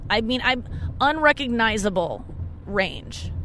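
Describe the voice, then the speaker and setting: A woman's voice: fairly low pitch, normal speed, slight background noise. A young woman hosting her podcast, rambling in a casual, chatty monologue with frequent swearing. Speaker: podcast host.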